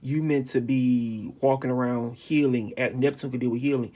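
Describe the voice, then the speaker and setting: A man's voice: medium pitch, steady tone, moderate pace, dark tone. A man giving a casual astrology reading into a handheld phone, talking emphatically, rambling and repeating phrases as he goes. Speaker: astrology reader. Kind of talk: informal spoken astrology reading.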